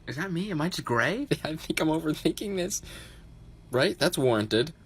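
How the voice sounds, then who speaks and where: A man's voice: fairly high pitch, animated, moderate pace, breathy edge. A young man in his twenties vlogging casually to camera from a tiny apartment, upbeat and self-mocking. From United States. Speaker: TikTok vlogger. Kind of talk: casual vlog narration to camera. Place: tiny New York City apartment.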